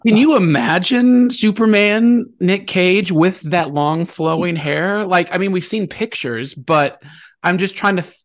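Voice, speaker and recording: Slightly high-voiced man hosting a podcast. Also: unhurried. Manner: leads the talk, asks questions, loose and chatty. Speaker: podcast host. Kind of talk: casual podcast chat.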